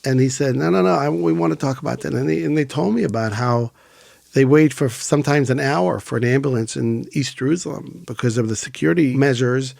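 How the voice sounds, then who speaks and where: Middle-aged israeli guy, gravelly, tells stories and does the voices. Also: mid-range voice, no room sound, clean studio sound. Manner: animated storyteller, acts out quoted voices. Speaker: founder of an emergency volunteer organization. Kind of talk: casual storytelling interview.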